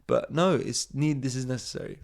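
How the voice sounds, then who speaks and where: A man's voice: medium pitch, fairly quick, creaky, a little mellow. A man, a comedian and podcast host, rambling sarcastically through a comic monologue, often trailing off.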